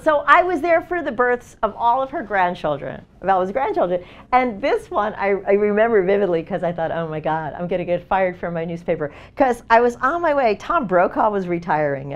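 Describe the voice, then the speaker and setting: A woman's voice: medium pitch, dull audio. A middle-aged woman, a documentary photographer, telling stories in a casual seminar talk, full of "like" and "you know" and acted-out quotes. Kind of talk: casual storytelling presentation. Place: seminar event space.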